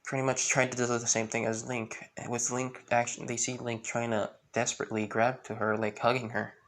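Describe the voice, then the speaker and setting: A man's voice: mid-range voice, flat delivery, brisk, fairly bright tone. Man rambling through a fan story. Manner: rambling, full of fillers.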